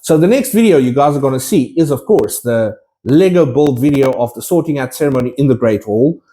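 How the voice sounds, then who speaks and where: An enthusiastic man chats straight to his viewers about his collectibles. He rambles and restarts as he goes. His voice is mellow and warm. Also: medium pitch, animated, a little fast. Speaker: collectibles vlogger. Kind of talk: casual chat to viewers.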